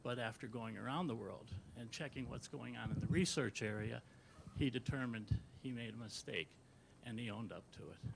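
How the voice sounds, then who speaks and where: Gravelly man speaking haltingly at a meeting. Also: mid-range voice, noisy background. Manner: halting, trailing off softly. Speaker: audience member giving public comment. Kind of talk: public comment at a meeting. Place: meeting hall.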